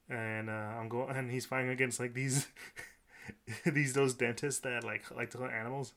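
A man's voice: mid-range voice, fairly even intonation, normal speed, vocal fry, fairly bright tone. A man co-hosting a casual podcast, rambling and often restarting his sentences. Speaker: podcast co-host. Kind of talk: casual chat.

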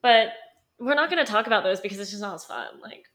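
Podcast co-host, young woman, sassy storyteller, tense bright tone. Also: mid-range voice, lively intonation, fast. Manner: chatty, sassy, laughs often, many "like" fillers. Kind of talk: casual storytelling chat.

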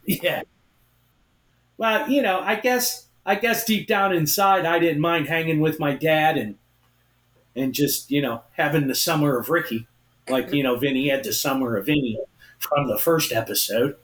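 A man co-hosting a podcast, telling a story in a casual, animated way and acting out what others said. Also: on the high side, moderate pace, roomy sound. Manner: animated, acts out quotes of others. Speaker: podcast co-host.

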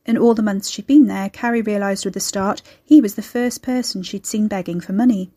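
A woman's voice: medium pitch, a little fast, no echo. Woman narrating expressively. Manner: expressive, does all the character voices. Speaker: audiobook narrator. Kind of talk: reading her own fiction aloud.

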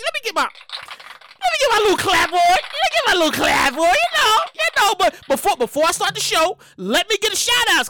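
A woman hosting her own podcast in a casual solo monologue, loud, hyped, profane and rambling, often repeating herself. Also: extremely high pitch. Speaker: podcast host.

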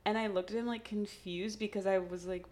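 A woman's voice: medium pitch, steady tone, fairly quick, a little mellow. A young woman from Texas, hosting a podcast in casual, chatty talk full of "like" and laughter. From Texas, USA. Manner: chatty, laughing, heavy use of "like". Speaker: podcast host. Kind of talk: casual chat.

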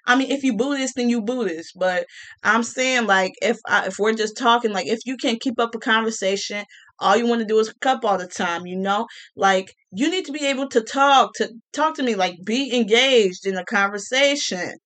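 A woman ranting casually to her viewers, sassy and animated, with colloquial speech, repeated words and mocking quoted voices. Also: on the high side, normal speed. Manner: colloquial, with many restarts and repeats. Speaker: vlogger. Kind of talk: casual rant to camera.

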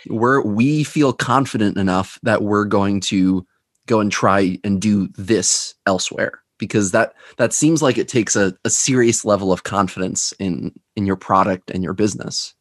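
An interviewer asking a guest conversational questions, curious and quick to laugh. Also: sits low, dry recording, clean studio sound.

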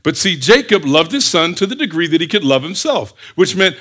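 Male preacher, a bit higher voice, very expressive, quick to act out scenes. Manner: animated, fires rhetorical questions, acts out scenes. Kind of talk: sermon.

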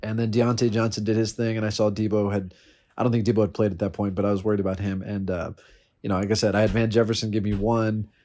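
A man's voice: on the low side, flat delivery, fast, warm tone. A man in casual chat, animatedly telling a fantasy football story, swearing and laughing as he goes. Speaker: fantasy football league member.

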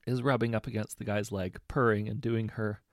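A man reading short anecdotes aloud in a relaxed, conversational way, correcting himself now and then. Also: fairly low pitch, a little fast, no echo, studio quality. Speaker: story narrator.

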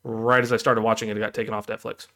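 A man's voice: fairly low pitch, flat delivery, fast, pushed and bright. A man co-hosting a casual podcast, talking hesitantly about shows and often correcting himself. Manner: hesitant, with frequent ums and self-corrections. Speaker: podcast co-host. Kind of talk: casual chat.

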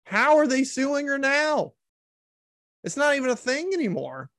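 A man's voice: very high-pitched, very animated, a little slow, a bit bright, dry recording, clean studio sound. A man giving casual comedic commentary, sarcastic and incredulous, swearing freely.

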